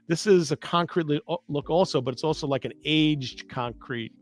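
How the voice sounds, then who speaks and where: A man's voice: on the high side, normal speed. A man in casual chat, explaining tile products at length in a rambling, knowledgeable way and teasing his co-host. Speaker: tile company guest expert.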